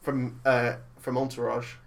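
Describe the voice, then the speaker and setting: A man's voice: medium pitch, completely flat delivery, measured pace, vocal fry. A tired man in his thirties co-hosting a casual film-review podcast, rambling and teasing his co-host and laughing often. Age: 30s.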